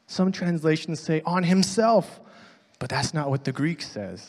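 Guy preaching a sermon, reading scripture, gets loud then drops almost to a whisper, big hall echo. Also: mid-range voice, normal speed. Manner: swings from loud emphasis to hushed, near-whispered lines. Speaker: pastor.

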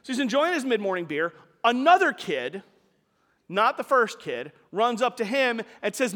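A man's voice: very high-pitched, big pitch swings, moderate pace, fairly bright tone, long reverb tail. A man preaching a sermon, telling a story in a conversational way with casual asides to the congregation.

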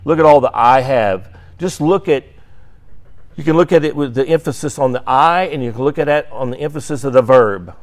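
A man's voice: mid-range voice, fairly quick. A man teaching an adult Sunday school class, reading scripture aloud with emphasis and checking in with "right?". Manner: reads scripture aloud with emphasis, frequent "right?" tag questions; occasionally clears throat. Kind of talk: Bible class lecture.

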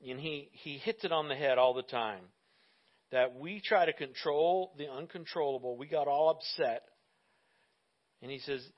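A man with a high voice preaching a sermon, swinging between loud emphatic bursts and quiet asides with an easy, joking manner. The sound is dull and lo-fi. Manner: animated, jokey, emphatic with frequent laughs. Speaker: pastor.

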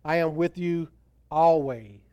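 A pastor preaches with emphatic swells, his voice slightly high and smooth. The sound is close and dry, with little room around it. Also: slow, warm tone, no room sound, muffled recording. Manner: emphatic preaching, voice rising and falling for stress. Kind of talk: sermon.

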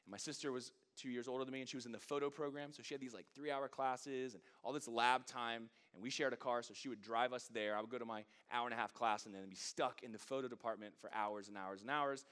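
Bright-voiced man preaching with humor. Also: medium pitch, fairly even intonation, fast, hardly any pauses, smooth. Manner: humorous storytelling building to fervent preaching. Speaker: pastor. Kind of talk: sermon.

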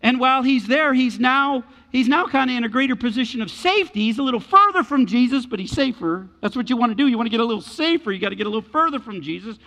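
A man preaching a sermon as pastor, animated and repeating his key words for emphasis. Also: extremely high pitch, quick pace, hardly any pauses, in a large hall.

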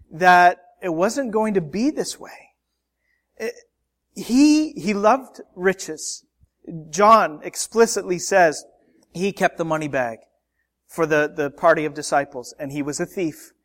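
A pastor delivers a sermon with earnest conviction, his voice pitched a little above most men's. He leads his congregation in prayer, then builds to emphatic, fervent preaching.

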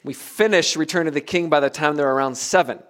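A middle-aged man from the United States preaching a sermon, earnest and emphatic, with soft dropped asides. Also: on the high side, fairly quick. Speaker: pastor.

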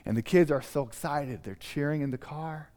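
A male preacher telling a story sermon in an animated, dramatic way. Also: on the high side, moderate pace, big-room sound.

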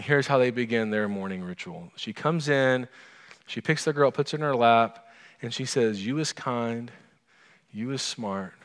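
A man preaching a sermon as pastor, talking earnestly through a story and easing into a quiet, prayerful close. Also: mid-range voice, in a large hall.

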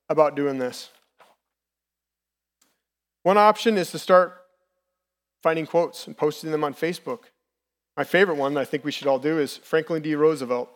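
A man in his thirties preaching a sermon in a candid, personal, conversational way as a lay preacher. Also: a little high. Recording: long reverb from the hall.

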